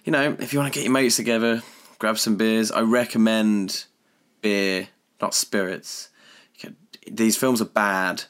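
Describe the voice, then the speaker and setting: A man's voice: lowish voice, steady tone, unhurried, a bit bright. A man co-hosting a podcast, bantering in a jokey, self-mocking way and swearing casually. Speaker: podcast co-host.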